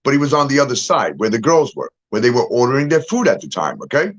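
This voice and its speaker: A man's voice: mid-range voice, wildly swooping pitch, quick pace, lo-fi sound. A middle-aged man talking casually to his followers, emphatic and insistent, often checking in with the listener and getting up to act things out. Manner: emphatic, repeats "okay?" and "all right?" to the viewer; moves around, gets up to act things out. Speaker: social media commentator.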